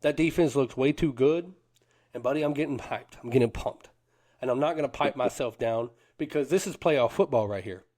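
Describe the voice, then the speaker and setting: Speaking at a moderate pace in a medium, slightly mellow voice, this man co-hosts a sports podcast. He brags with hyped fan energy and leans on Southern slang, saying things like "them boys" and "cuz."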